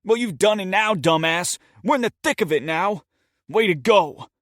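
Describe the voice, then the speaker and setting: Male narrator as a panicked teen robber: loud, pitched up, barking orders. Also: very animated, slow, no room sound, clean studio sound, full character voice. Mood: angry shouting. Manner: shouting, cursing, bossy.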